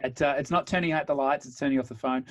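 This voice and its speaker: A man's voice: mid-range voice, steady tone, quick pace, no room sound. A man hosting a podcast, asking questions and telling stories in a casual chat, with frequent ums. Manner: conversational, chatty storytelling, frequent ums. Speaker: podcast host.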